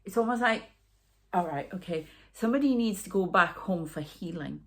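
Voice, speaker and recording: Geordie woman, tarot reader, rambling chatty delivery, slightly low voice. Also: expressive, moderate pace. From North East England. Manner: rambling, chatty, with asides and sighs. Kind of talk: casual psychic reading monologue.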